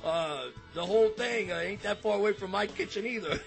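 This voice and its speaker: A man's voice: high-pitched, a little fast, creaky, soft background music. A man hosting a casual show, chatting and joking with a guest on the phone, rambling with many restarts. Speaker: show host. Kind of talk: casual chat.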